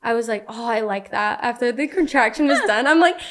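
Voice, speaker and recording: Chatty young woman with a slightly high voice. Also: fairly quick. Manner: animated, frequent "like" fillers, acts out quotes. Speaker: podcast guest. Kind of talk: casual storytelling.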